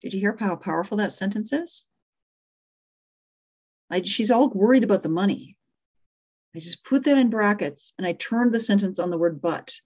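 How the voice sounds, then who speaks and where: A woman's voice: medium pitch, animated, normal speed, pauses often, a little mellow. A middle-aged woman teaching a live workshop on speaking, demonstrating examples aloud and correcting herself as she goes. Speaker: communication coach.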